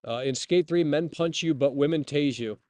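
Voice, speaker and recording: Man, streamer host, casual rant, profane and blunt, slightly high voice, dry close sound. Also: normal speed, darkish tone, dry recording. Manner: restarts and repeats words often.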